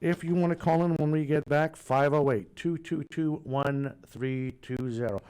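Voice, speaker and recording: A man's voice: on the high side, steady tone, moderate pace, background noise. Chatty male sports radio host. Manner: chatty, reads out notes. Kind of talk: casual radio show hosting.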